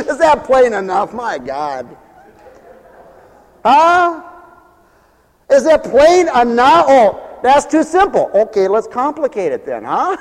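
A man's voice: very high voice, big pitch swings, slow, in a large hall, low-quality recording. A man preaching a radio sermon in an emphatic, folksy manner, acting out voices as he goes.

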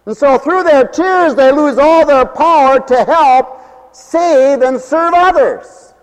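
A man preaching a sermon, swinging between raised declarations and low, quiet asides, sometimes acting out what people say. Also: slow, long reverb tail. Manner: mimics people in dialogue.

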